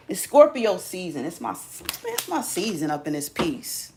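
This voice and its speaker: A woman's voice: on the low side, wildly swooping pitch, a little slow, hardly any pauses, darkish tone, slight background noise. A woman hosting a live stream, talking casually to her viewers in a sassy, teasing, slangy way.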